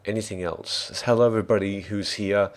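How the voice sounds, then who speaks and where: A man's voice: fairly low pitch, fairly even intonation, fairly quick. An Australian man who hosts a tabletop game stream as dungeon master, chatting in an upbeat, rambling way. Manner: upbeat, rambling, restarts often. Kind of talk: casual stream chat.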